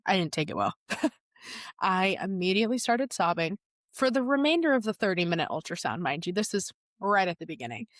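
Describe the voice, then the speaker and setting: A young woman, a podcast guest, retelling a personal story in a lively way and laughing often. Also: mid-range voice, normal speed, no room sound, studio quality. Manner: animated retelling, laughs often, acts out quotes.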